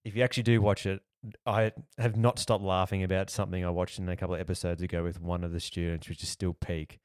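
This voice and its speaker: An Australian man on a podcast, rambling casually with plenty of "like" and "you know". His voice sits fairly low and the sound is dry and close. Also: level tone, fast talker, a little mellow, smooth, no echo. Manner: rambling, lots of likes and you-knows. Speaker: podcast host. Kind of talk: casual chat.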